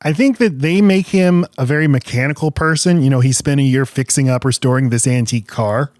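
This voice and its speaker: A man's voice: mid-range voice, a little fast, a little mellow, no room sound. Thoughtful man in casual podcast talk. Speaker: podcast co-host. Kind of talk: casual chat.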